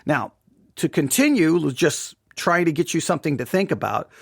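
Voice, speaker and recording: A man's voice: a little high, expressive, moderate pace, creaky, husky, no echo, clean studio sound. A man giving a devotional Bible study talk, thinking aloud with frequent restarts and rhetorical questions. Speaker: Bible teacher.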